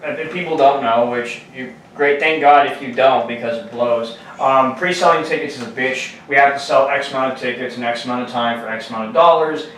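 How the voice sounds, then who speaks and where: A man's voice: mid-range voice, fairly quick, hardly any pauses, a bit bright. A man hosting a podcast, talking in a profane, emphatic way in casual chat. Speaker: podcast host. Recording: roomy, distant mic with faint noise.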